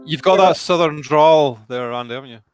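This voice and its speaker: A man's voice: a little high, a little fast, soft background music. A man with a Scottish accent, from Scotland, friendly and laughing as a guest in a casual chat.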